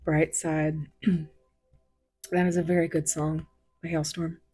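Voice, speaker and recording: A woman chats her way through a tarot reading in a low, husky voice worn hoarse by recent illness. She talks slowly and rambles, laughs often, and slips into whispered asides. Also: level tone, warm tone, soft background music. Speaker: tarot reader. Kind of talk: casual tarot reading chat.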